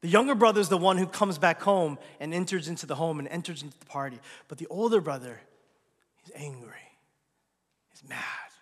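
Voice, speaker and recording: A man preaching a sermon as pastor, swinging from loud, emphatic lines to hushed, near-whispered asides. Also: a little high, fast talker, hardly any pauses, long reverb tail.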